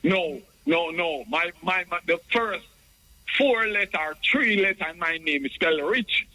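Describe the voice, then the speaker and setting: A Jamaican man calls in to a radio show in a high, bright voice. He rambles on and trips over repeated words as he speaks. His talk circles back on itself. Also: expressive, unhurried, low-quality recording. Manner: rambling, stammering repetitions. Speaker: caller. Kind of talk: call-in radio chat.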